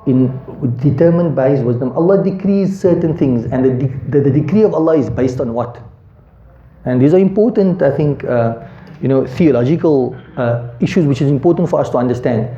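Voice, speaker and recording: A dark-voiced man teaching in an echoey room. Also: mid-range voice, lively intonation, brisk. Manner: thinks aloud, quizzing his students; recites Arabic verses swiftly. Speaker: Quran teacher. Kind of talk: classroom Quran lesson. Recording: echoey room, dull lo-fi sound.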